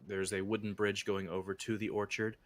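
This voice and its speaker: A man's voice: lowish voice, level tone, fairly quick, dry recording. A man narrating a tabletop game as game master, describing scenes in a rambling way. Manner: rambling, many fillers and restarts.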